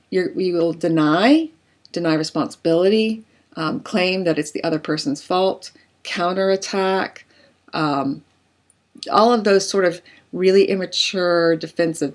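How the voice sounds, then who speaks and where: A woman relationship coach explaining in a conversational way, using everyday examples and casual fillers. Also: fairly low pitch. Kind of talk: explanatory talk to camera.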